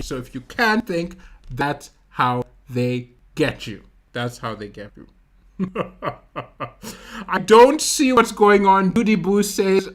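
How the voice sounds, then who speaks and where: A Malawian man with a high-sitting voice does stand-up comedy on a livestream, telling animated stories and making vocal sound effects as he talks with his chat.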